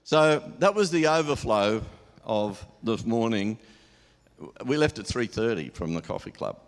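A man's voice: mid-range voice, big pitch swings, unhurried. A man preaching an informal sermon in a church hall, telling stories in a chatty way and laughing often.

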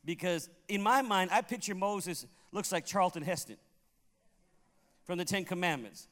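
High-voiced preacher with hall reverb. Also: male voice, normal speed, a bit bright. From Puerto Rico. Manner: humorous storytelling, laughs at his own tales. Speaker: pastor. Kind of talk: sermon.

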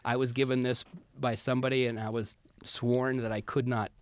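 A man's voice: medium pitch, normal speed, clean tone, no echo. Dry-sounding man telling comedy stories. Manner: animated storyteller, acts out quotes. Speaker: comedian podcast co-host. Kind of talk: casual storytelling chat.

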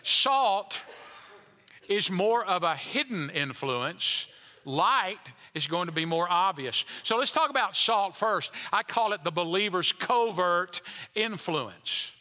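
A man's voice: on the high side, pushed and bright, in a large hall. A man preaching a sermon as pastor, emphatic and repetitive, building in intensity.

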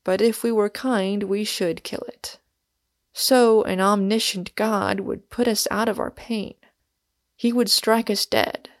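A woman's voice: mid-range voice, slow, no echo, clean studio sound. Woman reading as a gloomy old professor. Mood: calm, gloomy. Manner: calm philosophizing, turning to frantic shouts. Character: bald, gloomy, talkative older male professor.

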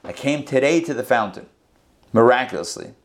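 Animated man teaching scripture. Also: mid-range voice, fairly quick. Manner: animated storytelling, acts out the verses. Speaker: rabbi. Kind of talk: Torah class teaching.

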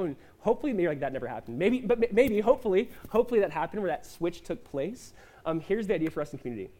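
Male pastor, mid-high voice, relaxed conversational sermon delivery with voiced-out quotes. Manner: conversational preaching with quick asides and acted-out quotes.

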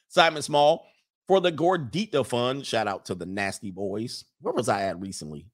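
A man's voice: medium pitch, unhurried. A man hosting a casual livestream, reading viewer comments and rambling through blunt opinions with frequent laughs.

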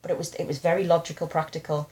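A woman's voice: deep voice, racing. Frank woman in her thirties. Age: 30s. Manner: frank, animated storytelling with self-deprecating humor. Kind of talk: candid personal conversation.

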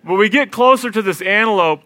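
A young man tells a comic story in a high, bright voice, animated and self-deprecating, often laughing mid-sentence. The sound is dry and close, with no room echo. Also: fairly quick.

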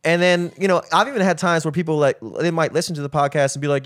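Young guy rambling fast on a podcast, lots of likes, dry close sound. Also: a little high, fairly bright tone, no echo. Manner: rapid and rambling, says like a lot. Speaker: podcast co-host. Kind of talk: casual chat.

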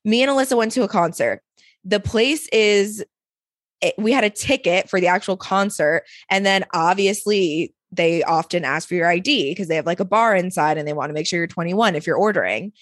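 A woman's voice: lowish voice, brisk, no room sound, clean studio sound. A woman co-hosting a casual podcast, ranting and repeating lines for emphasis. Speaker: podcast co-host. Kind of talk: casual chat. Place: New York area.

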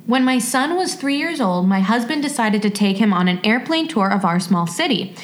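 A woman co-hosting a podcast, reading a listener's story aloud with expressive, emotional reactions. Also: on the high side, moderate pace. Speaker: podcast co-host. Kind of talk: reading listener stories aloud, casual chat.

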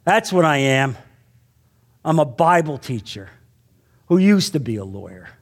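A man's voice: a little high, big pitch swings, a little slow. A middle-aged man preaching a sermon to a men's group, earnest and repetitive, often checking in with his listeners. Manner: earnest, repeats phrases, asks "you understand?". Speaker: Bible teacher.

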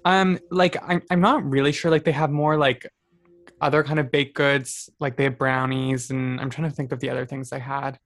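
A man's voice: medium pitch, level tone, normal speed, fairly bright tone. Chatty man co-host, enthusiastic casual talk, lots of filler words. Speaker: podcast co-host. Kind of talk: casual chat.

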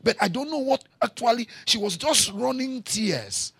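A man preaching a sermon, repeating his lines, moving from quiet storytelling to shouting. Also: very high-pitched, animated, moderate pace, creaky, husky, no echo. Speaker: pastor.

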